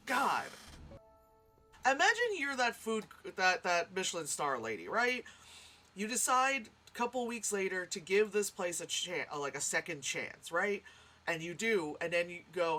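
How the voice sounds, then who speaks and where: A woman hosting a movie reaction, talking in a blunt, sarcastic, profane way and sometimes breaking into exasperated yelling. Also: lowish voice, big pitch swings, measured pace, faint music behind. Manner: blunt, sarcastic, swears freely. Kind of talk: casual profane commentary.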